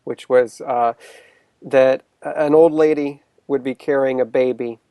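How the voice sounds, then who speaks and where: A man co-hosting, talking in a relaxed, chatty way and laughing easily. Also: medium pitch, a little slow, no echo. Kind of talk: casual conversation.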